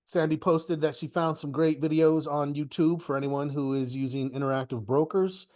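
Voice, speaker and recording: A middle-aged man with a slightly high voice hosts a live trading webinar over his computer mic, sounding stuffy from a cold. He rambles in a chatty way, doubling back on his words as he goes. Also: fairly even intonation, normal speed, darkish tone. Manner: rambling, self-correcting, chatty. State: stuffy with a cold, occasional cough. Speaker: host of a market webinar. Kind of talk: casual live webinar talk.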